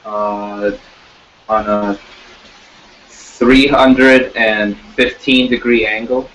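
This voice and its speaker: A man talking casually and rambling, with halting restarts and frequent swearing. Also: lowish voice, fairly even intonation, fairly bright tone, slight background noise. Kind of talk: casual chat. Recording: dull lo-fi sound.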